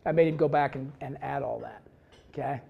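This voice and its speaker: A man, a high school football head coach, giving a casual clinic presentation in a blunt, joking way with some swearing. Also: fairly quick, gravelly, slightly rough, muffled recording. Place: presentation room with a live audience.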